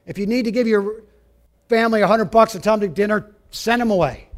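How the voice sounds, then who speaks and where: A man preaching a sermon, emphatic, asking his listeners direct questions and dropping to a hush at times. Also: sits high, a little fast. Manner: emphatic, rising and falling, drops to a hush for quoted lines; asks the audience direct questions.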